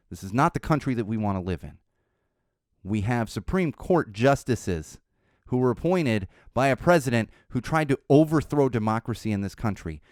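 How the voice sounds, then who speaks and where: A man's voice: lowish voice, a little mellow, dry recording, studio quality. Impassioned swearing man hosting a podcast. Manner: impassioned, blunt, swears freely. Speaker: podcast host. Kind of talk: political podcast rant and sign-off.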